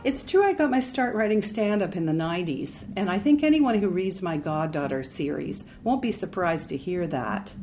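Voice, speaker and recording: A woman's voice: fairly low pitch, moderate pace, hardly any pauses, faint music behind. A woman, an author reading her own story with humour. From Canada. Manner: humorous, animated.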